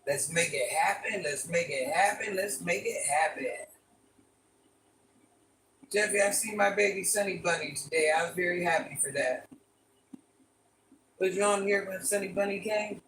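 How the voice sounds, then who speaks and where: A woman's voice: lowish voice, moderate pace, long pauses, fairly bright tone, slight background noise. An older woman hosting a casual live stream, chatting with viewers and repeating requests to like and subscribe. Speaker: livestream host. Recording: echoey room, voice from far off.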